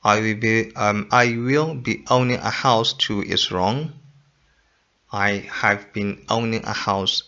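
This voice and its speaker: A man's voice: on the low side, bright, forceful tone. A man teaching an English grammar lesson, repeating points and quizzing the listener. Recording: dull lo-fi recording.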